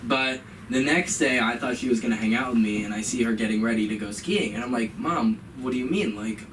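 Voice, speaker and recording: A man's voice: mid-range voice, steady tone, fast talker, a crowd in the background. A young man performing stand-up at an open mic, telling a story and acting out his mother's lines in a raised voice. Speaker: stand-up comedian. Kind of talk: stand-up comedy set. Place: comedy club stage. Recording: live open mic, room mic from a distance.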